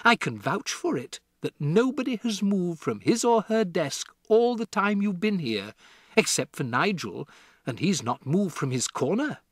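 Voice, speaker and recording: A kind young teacher answers in an even, measured voice, as a male reader puts her on, raised a little in pitch. The storybook reading is slow, close and dry. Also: dry recording, heavily acted. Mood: calm. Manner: calm, measured. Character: gentle young female schoolteacher, calm and steady. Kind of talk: audiobook character voice.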